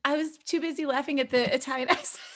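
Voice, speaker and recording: A woman co-hosting a comedy podcast, chatting casually and teasing with quick quips. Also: high voice, fairly even intonation, a bit bright. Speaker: podcast co-host.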